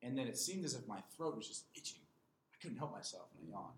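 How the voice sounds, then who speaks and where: A man in his twenties, a podcast guest, talking in a measured, earnest way and reading a passage aloud. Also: medium pitch, sing-song, slight background noise. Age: 20s. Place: small room with other people. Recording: roomy echo with faint ambience.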